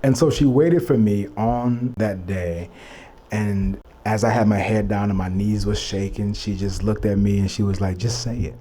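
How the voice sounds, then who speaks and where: A man's voice: lowish voice, fairly even intonation, normal speed, mellow, slight background noise. Reflective young man telling a personal story. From Texas. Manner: earnest, reflective, many "you know" and "like" fillers. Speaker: vlogger.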